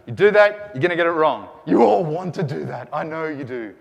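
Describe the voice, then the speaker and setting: Speaking fairly quickly, with a slightly high voice and some vocal fry, a man leads a Greek grammar lecture in a large hall. He drills the students call-and-response style, full of energy and rising to shouts.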